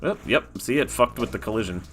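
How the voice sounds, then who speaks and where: Man, low voice, game developer livestream, casual rambling commentary, laid-back, faint background music. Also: animated, brisk.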